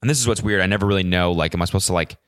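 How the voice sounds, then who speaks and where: Young guy doing a solo podcast, kinda low voice, super dry close mic, swears a lot, rambles. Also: rapid-fire, a bit bright, clean tone, no room sound. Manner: casual, profane, rambling with frequent fillers. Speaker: podcast host.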